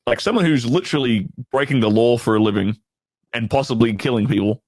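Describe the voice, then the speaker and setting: A man's voice: medium pitch, a little fast, a little mellow, no room sound. Frank, profane man in casual chat. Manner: frank, profane, hedging with fillers.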